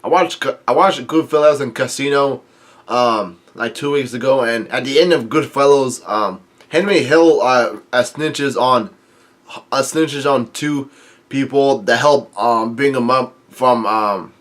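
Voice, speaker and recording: A man's voice: medium pitch, unhurried. Rambling man with constant filler sounds. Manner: chuckles often while talking. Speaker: manga chapter reviewer. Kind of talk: casual chapter read-through commentary.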